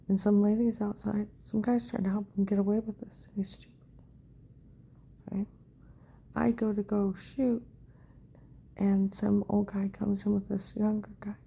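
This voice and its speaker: Woman, husky and dark-toned, rambling monologue that keeps sinking to a whisper. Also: medium pitch, level tone, a little slow, pauses often. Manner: often drops to a hushed whisper; fragmented, repetitive phrasing. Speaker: vlogger telling a personal account.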